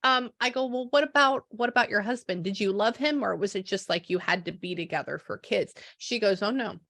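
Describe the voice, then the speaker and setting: A woman psychic medium recounting a reading to a client in lively back-and-forth, acting out the dialogue she quotes. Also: mid-range voice, fairly quick, no echo. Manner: animated, acts out quoted dialogue, frequent "I go, she goes". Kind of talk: relaying a spirit reading to a client.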